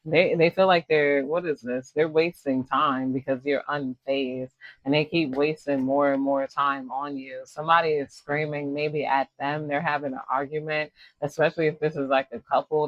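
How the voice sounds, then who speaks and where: A man's voice: mid-range voice, no room sound, dull audio. A man with an American accent giving a casual, rambling tarot reading, full of slang and asides. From United States. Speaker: tarot reader.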